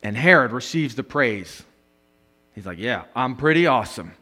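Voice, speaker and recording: A male pastor preaching a sermon, animated, swinging between loud emphatic bursts and quiet asides, with frequent laughs. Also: mid-range voice, normal speed.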